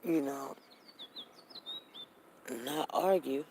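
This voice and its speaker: Woman, casual chat host, gravelly, animated, quoting people back and forth. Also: sits low, drawn-out words, slight background noise. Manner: animated, acts out both sides of arguments, repeats phrases. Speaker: host of a live audio chat room. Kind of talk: casual live-room monologue.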